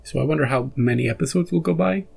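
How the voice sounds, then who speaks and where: A man's voice: mid-range voice, quick pace, gravelly, darkish tone, breathy edge. A man hosting a reaction video, chatting casually and rambling after an episode, often restarting and chuckling.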